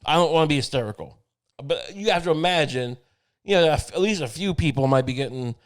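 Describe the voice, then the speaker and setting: Male comic host, rambling and profane, slightly high-pitched. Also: animated, fairly quick. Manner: rambling, meandering, profane, many fillers. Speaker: podcast host. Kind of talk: comedic monologue.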